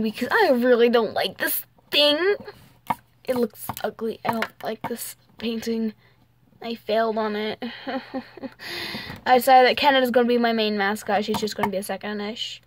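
A woman's voice: fairly high pitch, a little hiss or hum. A young woman hosting a casual home vlog, talking in a rambling way with fillers, trailing off and small giggles. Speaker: channel host.

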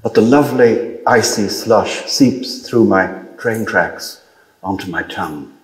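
A man reading his own literary story aloud in a measured, dry manner. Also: on the low side, echoey room, poor audio. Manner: measured, dry storytelling with brief lifts for quoted dialogue.

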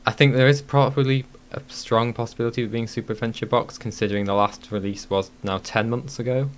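A man's voice: medium pitch, fairly even intonation, fast. A man hosting a casual live-streamed podcast, talking with many ums and restarts. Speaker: podcast host.

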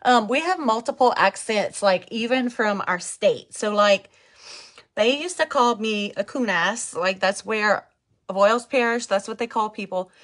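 A woman's voice: mid-range voice, unhurried, fairly bright tone. A woman with a thick Cajun Louisiana accent, from Louisiana, chatting to viewers through a live makeup tutorial. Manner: chatty, talks to viewers, reads out comments. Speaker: makeup vlogger.

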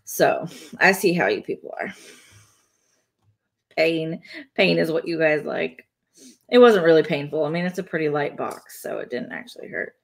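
A woman's voice: deep voice, animated, normal speed, vocal fry, pauses often. A woman chatting playfully on a live stream from home, laughing between remarks as she builds a toy set. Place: home, indoors.

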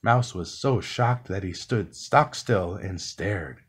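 Man reading a bedtime storybook softly. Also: lowish voice, husky. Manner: soft, slow and relaxing. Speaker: storybook reader.

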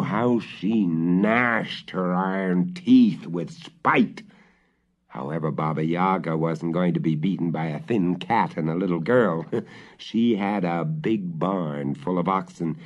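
Deep-ish guy reading a fairy tale, very animated, muffled old record. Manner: theatrical, slow, relishing. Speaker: storyteller. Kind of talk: dramatic storybook reading.

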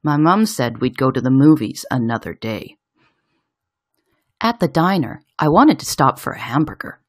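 A woman reads a children's picture book aloud in a low, husky voice with a gravelly edge. Her storytelling is expressive and swings widely in pitch. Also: normal speed.

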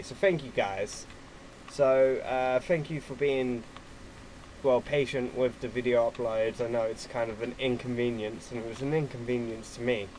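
A man giving casual gameplay commentary at his computer, excitable and quick to swear at opponents. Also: medium pitch, slight background noise, poor audio. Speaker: gaming YouTuber.

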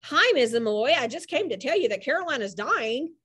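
A woman's voice: high voice, very animated, fairly quick, a bit bright, slightly rough, full character voice. Woman doing an eager, anxious boy. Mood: rehearsing. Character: excitable young boy, anxious and imaginative.

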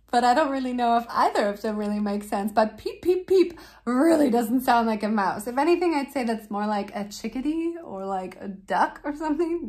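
A woman's voice: on the high side, darkish tone. A woman from Canada, casually reacting to a video for her vlog, amused and laughing often. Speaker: vlogger and parent.

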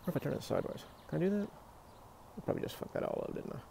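A man's voice: a little high, big pitch swings, rapid-fire, creaky, mellow, slight background noise. A man in a casual outdoor vlog, talking in a rambling, self-mocking way while tired and shaky from garden work, recorded on a handheld phone. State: shaky hands, tired from digging.

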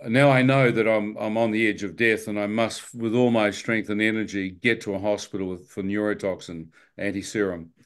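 A man with a New Zealand accent recounts a near-death story as a spoken testimony. He tells it like an animated storyteller, putting on voices for the people in it and laughing as he goes. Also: lowish voice, normal speed, few pauses. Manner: animated storyteller, acts out dialogue, laughs often. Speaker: guest telling his testimony.

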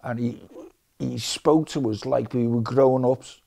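A middle-aged man recounts football stories in an interview. His voice is warm and mellow, pitched in an ordinary male middle range. He talks in a lively, chatty way. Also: a little slow, creaky. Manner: chatty, lively anecdote-teller. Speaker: football fan. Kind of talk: documentary interview storytelling.

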